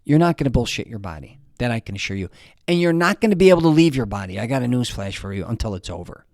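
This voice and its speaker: Fast and very animated, a fitness vlogger in his fifties gives a casual motivational talk straight to camera. His mid-range voice is a little mellow, and the recording is dry and studio-quality. His advice comes out blunt and rambling, full of swearing and restarted sentences.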